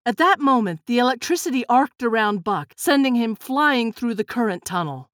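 A woman narrating a children's storybook in a steady, clear reading voice. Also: on the high side, moderate pace, no room sound, studio quality. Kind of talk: children's storybook read-aloud.

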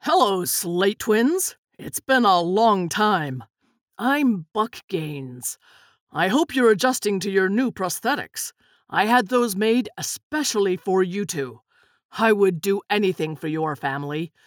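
A woman voicing a smooth, ingratiating older businessman who speaks slowly and deliberately. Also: mid-range voice, animated, no echo, clean studio sound, natural voice.

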